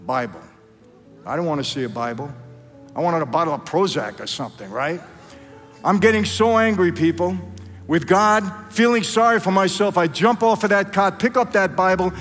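A man giving a dramatic testimony sermon in a church, acting out dialogue and calling the crowd "people". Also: a little high. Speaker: guest speaker at a church. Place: large church hall. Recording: long hall reverb.

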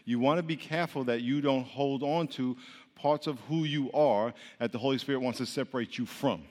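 A man preaching a lively, interactive sermon, playfully teasing the congregation and leading them in repeat-after-me chants. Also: mid-range voice, brisk. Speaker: pastor. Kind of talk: interactive sermon with call-and-response. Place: church hall. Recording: long hall reverb.

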